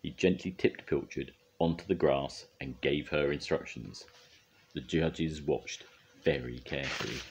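An older man reading a children's storybook aloud in a gentle, expressive way. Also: a bass voice, husky.

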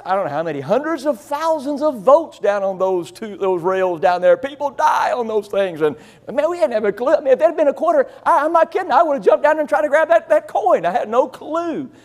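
Folksy high-voiced country preacher. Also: male voice, animated, a little fast, darkish tone. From rural Illinois, USA. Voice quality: deaf in one ear. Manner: folksy, rambling, self-deprecating. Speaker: pastor. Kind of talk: storytelling sermon.

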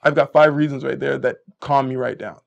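The audio is dull as a dating coach with a brisk, creaky, medium-pitched voice shares casual advice about dating. He spins animated stories and voices both people in the exchanges he recounts.

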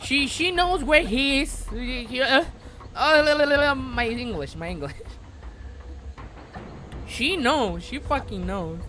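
A man whose first language is Spanish, streaming a game live in English, swinging between excited shouts and quiet muttering, swearing and repeating phrases. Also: very high voice, unhurried, long pauses, slight background noise. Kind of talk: live gameplay commentary.

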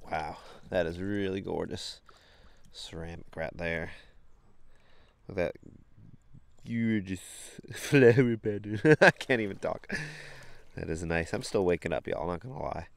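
A man's voice: deep voice, measured pace, gravelly, pauses often. A man, vlogging outdoors as he wades a creek, talking casually to a handheld camera, easily delighted and laughing often. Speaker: vlogger bottle hunting in a creek.

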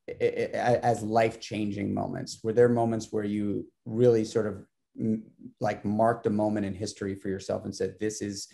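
A man hosting a podcast interview, speaking in a halting way with many stammered restarts as he forms his questions. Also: fairly low pitch, creaky, warm tone. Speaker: podcast host. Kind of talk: casual interview.

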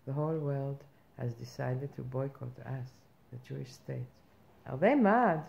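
A woman's voice: very deep voice, unhurried, creaky, a little mellow, full character voice. A woman playing a brash, self-important female reporter persona in a satirical comic monologue, ranting in a mock-earnest way with outraged questions. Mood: blustering. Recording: muffled lo-fi recording with faint background noise.

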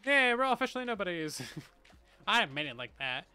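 A man's voice: high voice, sing-song, a little fast, bright, forceful tone, clear, resonant tone, soft background music. A man chatting casually and playfully to his viewers while he plays a game on a livestream, with bursts of mock panic. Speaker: streamer. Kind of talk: casual gameplay livestream chat.

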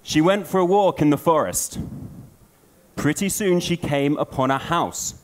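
A man giving a storytelling conference talk, an animated storyteller. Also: on the high side, measured pace. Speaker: conference speaker.

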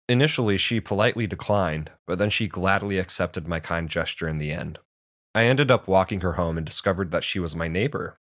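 A man with a very deep voice tells a first-person storybook tale in a steady, measured way. The recording is dry and close, with no room sound. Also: dry recording.

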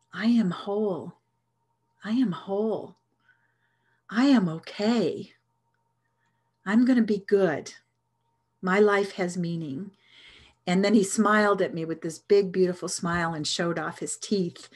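A woman's voice: mid-range voice, a little mellow. Earnest woman telling a personal story. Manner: earnest, reflective, with hesitant restarts. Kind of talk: storytelling talk.

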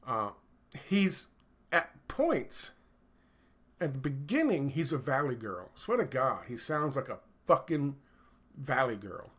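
A man's voice: mid-range voice, big pitch swings, slow, fairly bright tone, breathy edge. Sarcastic, cursing middle-aged man. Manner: sarcastic, profane, rambling with fillers. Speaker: video commentator. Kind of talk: casual commentary rant.

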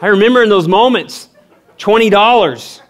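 This is a sermon from a middle-aged pastor who shares a story from his own life at a moderate pace. He performs the characters' voices lively, leaping widely in pitch.

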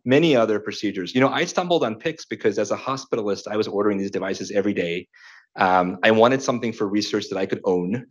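A man with a fairly low voice answering a question from the audience at a conference. He talks in a loose, reflective way with frequent fillers. The sound is muffled. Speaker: physician researcher answering a question.

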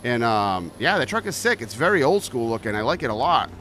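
A man's voice: medium pitch, sing-song, a little fast, a bit bright, a little hiss or hum. A man streaming a truck-driving game, chatting with viewers and yelping at near misses. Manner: greets chat viewers by name. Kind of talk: live-stream gameplay commentary.

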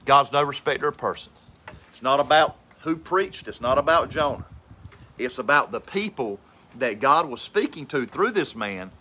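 Fervent preaching man, bright voice. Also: medium pitch, animated, moderate pace, breathy edge, rough recording. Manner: fervent, repeats phrases, builds to emphatic peaks. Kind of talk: impassioned outdoor sermon.

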